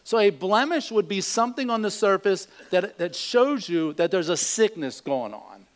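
A man's voice: sits high, animated, moderate pace. A man preaching a sermon, telling a joke in a folksy storytelling way before teaching from scripture. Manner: folksy storytelling, acts out voices in jokes. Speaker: pastor.

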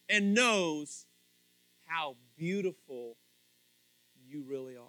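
A man's voice: high-pitched, lively intonation, moderate pace, long pauses, pushed and bright, dry recording. A man preaching a sermon to his congregation in a playful way, speaking to people directly by name. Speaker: pastor. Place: church before a congregation.

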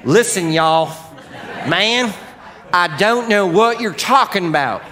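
A man putting on a panicky, flustered grown man with a put-on American Southern accent, blurting loud, high denials. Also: animated, slow pace, exaggerated voice.

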